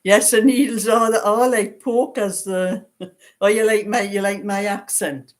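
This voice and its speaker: A woman's voice: medium pitch, steady tone, measured pace. Older woman with a light Geordie lilt. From Newcastle, northeast England. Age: 70s. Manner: rambling, chatty, laughs often, reads out viewer comments. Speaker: knitting channel host. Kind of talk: casual livestream chat.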